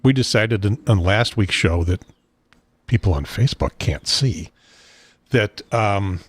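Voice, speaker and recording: Podcast host guy, kinda low voice, halting, dry close mic. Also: expressive, slightly rough, no echo. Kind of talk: casual chat.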